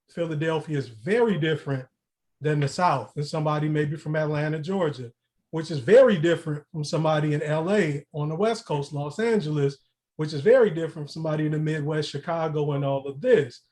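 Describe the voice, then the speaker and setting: A man from the United States asking the panel a long question in an earnest, deliberate way. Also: on the high side, darkish tone.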